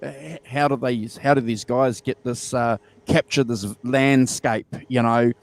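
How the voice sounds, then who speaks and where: A man's voice: medium pitch, steady tone, a little slow. A man, co-hosting a casual album review chat, enthusiastic and repeating himself with many fillers. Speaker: podcast co-host.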